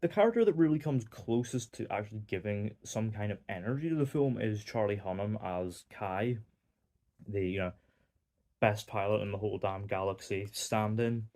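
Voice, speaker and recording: A young Northern Irish film reviewer with a fairly low, warm voice gives a casual, rambling movie review at a moderate pace. His talk is full of fillers and wry asides.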